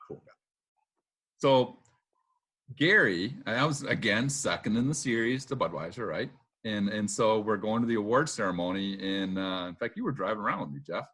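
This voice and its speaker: A middle-aged man and former racer, a podcast guest who tells anecdotes casually, acts out the lines of the people in his stories and fills pauses with "uh" and "um.". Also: lowish voice, breathy edge. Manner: lively anecdotes, acts out quotes, laughs often; filler-heavy with "uh" and "um". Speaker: retired boat racer, guest. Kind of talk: casual storytelling interview.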